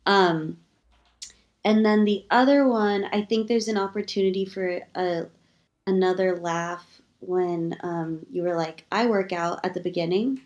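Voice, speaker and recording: Chatty woman pitching joke ideas. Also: fairly even intonation, measured pace, darkish tone, highs cut off. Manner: thoughtful, many likes and ums, acts out pitch ideas. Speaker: comedy set reviewer. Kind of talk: casual joke feedback.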